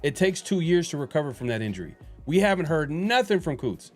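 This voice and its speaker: A man's voice: a little high, sing-song, a little fast, faint music behind. A man hosting a casual sports podcast, rambling with lots of fillers and restarts. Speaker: podcast host.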